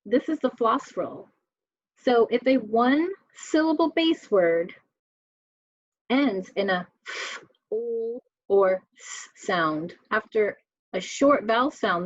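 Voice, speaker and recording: Woman teacher reading spelling words slowly and clearly for kids, dry, kinda dull lo-fi sound. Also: mid-range voice, no room sound. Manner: slow, clear word-by-word reading with questions to students. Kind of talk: spelling lesson for children.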